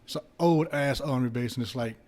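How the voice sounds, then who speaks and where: With a medium-pitched, brisk voice, a podcast guest who once boxed as a heavyweight shares casual tales. He keeps them animated, cursing often and laughing throughout.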